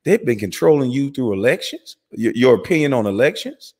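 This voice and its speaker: A man's voice: big pitch swings, a little mellow, breathy edge, in a large hall. A man delivering an angry, profane commentary rant as host of his channel. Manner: heated, profane, rapid swings in pitch and volume.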